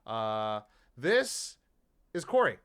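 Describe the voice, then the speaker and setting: A man's voice: on the low side, very animated, very slow, fairly bright tone, smooth. A young man co-hosting a podcast in casual chat, loose and profane, acting out conversations as he tells them. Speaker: podcast co-host.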